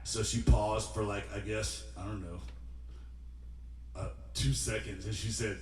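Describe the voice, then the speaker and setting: A man's voice: fairly low pitch, flat delivery, unhurried, a little mellow. A young man, a singer-songwriter, tells a rambling, self-deprecating story between songs at a live-streamed studio show. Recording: roomy studio, mic at a distance.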